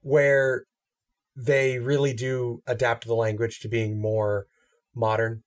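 A man's voice: medium pitch, level tone, takes it slowly. A man chatting casually about a film with friends, talking loosely with many fillers. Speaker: podcast co-host.

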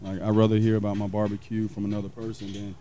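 Man from South Carolina, a pitmaster in a relaxed interview, warm dark tone and a low voice, rambling a bit. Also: fast, a little hiss or hum. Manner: rambling, many fillers, acts out quoted people. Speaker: pitmaster and restaurant owner. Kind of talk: casual interview storytelling.

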